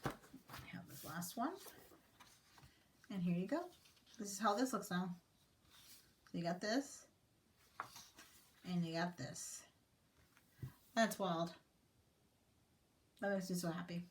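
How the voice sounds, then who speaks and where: A woman in her thirties, a teacher, casually walking viewers through her planners in a slow, thoughtful way, with many fillers and a sentimental touch. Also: on the low side, noisy background. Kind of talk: casual show-and-tell vlog.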